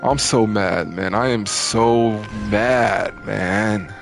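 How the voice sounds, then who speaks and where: Gravelly-voiced man, gaming host, exasperated profane rant. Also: on the low side, drawn-out words, soft background music. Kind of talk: frustrated gameplay commentary.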